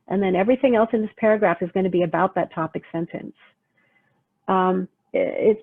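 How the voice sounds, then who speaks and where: A woman writing teacher explaining how to use sources in a recorded lecture, conversational and checking in often with "okay?". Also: medium pitch. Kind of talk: recorded lecture over slides. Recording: phone-like narrow sound.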